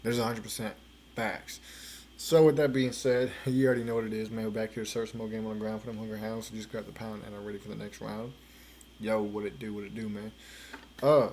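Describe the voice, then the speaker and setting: A man's voice: on the low side, fairly even intonation, a little fast, darkish tone, slight background noise. A man hosting a reaction stream, talking in a laid-back, slangy way and swearing freely. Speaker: reaction show host. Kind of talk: casual streaming chat.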